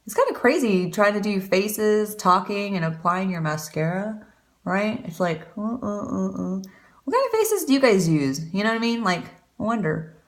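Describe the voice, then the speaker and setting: A woman's voice: mid-range voice, lively intonation, normal speed. A woman chatting casually through a makeup tutorial, rambling and poking fun at herself. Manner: chatty, rambling, self-deprecating. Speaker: beauty vlogger.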